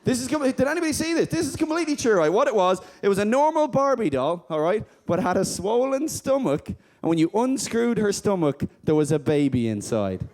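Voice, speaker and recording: Lively high-voiced man comic. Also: brisk, few pauses. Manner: chatty, keeps checking in with "right?". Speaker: stand-up comedian. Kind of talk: stand-up comedy routine. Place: comedy club stage.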